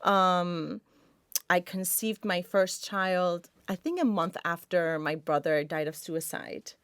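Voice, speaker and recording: A woman co-hosting a podcast, a mother reflecting in a thoughtful, measured way and offering soft affirmations while others speak. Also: fairly low pitch, smooth, dry recording, clean studio sound. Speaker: podcast co-host. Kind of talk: reflective personal conversation.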